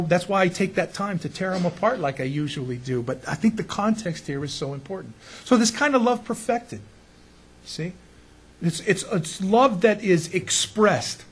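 Guy pastor giving a chatty sermon, kinda husky voice, lots of "right?" to the crowd. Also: sits high. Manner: keeps asking the congregation rhetorical questions. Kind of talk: conversational sermon.

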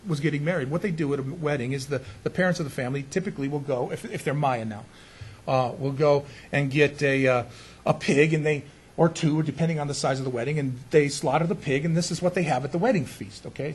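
A man, a pastor, preaching through an animated, self-mocking story full of restarts. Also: a little high, breathy edge. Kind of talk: storytelling sermon.

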